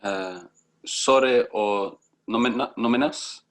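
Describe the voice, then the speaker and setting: A man taking part as a beginner student in an online language lesson, making halting, hesitant attempts at new phrases over a video call. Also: mid-range voice, a bit bright.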